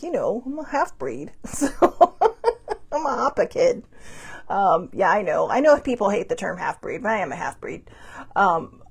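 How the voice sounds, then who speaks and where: A woman's voice: a little high, breathy edge. Chatty woman rambling on her live stream, blunt and upbeat, keeps laughing. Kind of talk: casual chatty monologue. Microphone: phone or webcam on a live stream.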